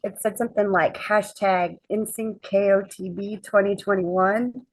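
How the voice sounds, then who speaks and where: A woman guest on a chat podcast, telling a lively anecdote and acting out the quoted dialogue. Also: medium pitch, a little slow, no room sound, rough recording. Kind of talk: casual storytelling chat.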